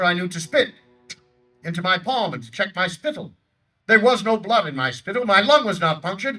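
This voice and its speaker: A man's voice: bright, forceful tone, far from the mic, heavily acted, low-quality recording. A man playing an older Theodore Roosevelt, giving a declamatory outdoor stump speech in character in a park by a lake. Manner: booming, declamatory oratory. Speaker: historical reenactor.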